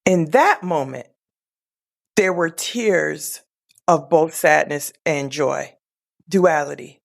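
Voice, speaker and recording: A woman guest telling a deeply personal story, slowly and tenderly, with soft hushed moments and a reflective manner. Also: gravelly. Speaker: podcast guest.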